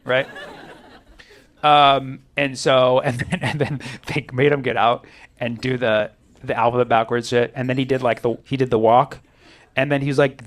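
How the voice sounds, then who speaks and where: A man's voice: mid-range voice, moderate pace. A man doing a stand-up set, riffing with lots of swearing and acting out other people's voices. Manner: profane, riffing, acts out voices. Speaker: stand-up comedian.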